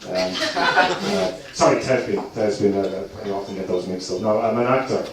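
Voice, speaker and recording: A man's voice: on the low side, animated, normal speed. A man from South Dublin with a Dublin accent doing a stand-up set, talking hesitantly with many ums and uhs. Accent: Dublin Irish. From South Dublin, Ireland. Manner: hesitant, lots of ums and uhs, slips into mock-posh voices. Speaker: stand-up comedian. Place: comedy club stage. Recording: echoey room, mic far, noisy. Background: audience laughter.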